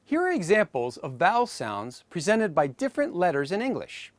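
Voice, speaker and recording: Deliberate, lively-pitched phonetics teacher narrating. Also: no echo. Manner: careful, deliberate delivery with sounds spoken out as models. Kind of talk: scripted educational narration.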